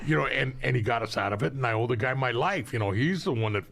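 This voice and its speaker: A man's voice: mid-range voice, fast talker, vocal fry, a bit bright. An older man, a veteran, casually telling reflective war stories. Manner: reflective, laughing storyteller. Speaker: podcast guest, veteran. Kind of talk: casual storytelling.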